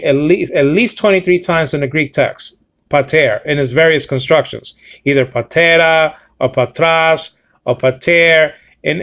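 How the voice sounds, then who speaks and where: A man's voice: fairly high pitch, a bit bright. A man teaching a Bible lesson, walking through Greek words on screen, emphatic and repetitive with frequent "okay?" check-ins.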